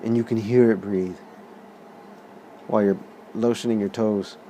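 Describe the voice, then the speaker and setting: A man's voice: fairly low pitch, normal speed, a little hiss or hum. A man in his thirties telling a story in a rambling, casual way, with lots of swearing and laughter. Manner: profane, animated, laughs often. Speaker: vlog host.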